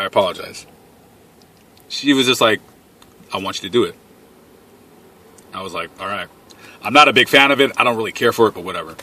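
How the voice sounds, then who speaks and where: A man's voice: medium pitch, pushed and bright. A young man telling a crude personal story straight to camera, blunt and full of swearing. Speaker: vlogger. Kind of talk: casual storytime.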